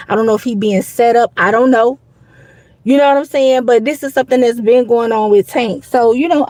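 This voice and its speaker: A woman's voice: a little high, a little mellow, no room sound, poor audio. A woman hosting a live boxing show, talking in a loose, rambling, casual way with lots of "you know what I'm saying". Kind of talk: casual live stream commentary.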